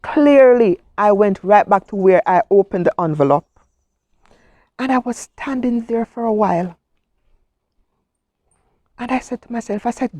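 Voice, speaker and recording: Slow, heartfelt middle-aged woman. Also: mid-range voice, a little mellow, no room sound. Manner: heartfelt, emotional storytelling with quoted speech. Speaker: guest, cancer survivor. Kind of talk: personal testimony.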